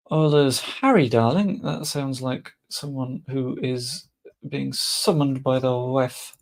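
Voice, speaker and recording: A young man with a mid-range voice and some vocal fry chats casually as he plays a game. This gaming streamer mutters to himself and swears offhandedly.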